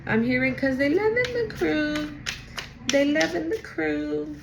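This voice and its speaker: A woman's voice: high voice, measured pace, creaky, very noisy. Blunt, chatty woman reading tarot. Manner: chatty, blunt, swears freely, talks to spirit aloud. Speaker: tarot reader. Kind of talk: casual tarot reading to camera.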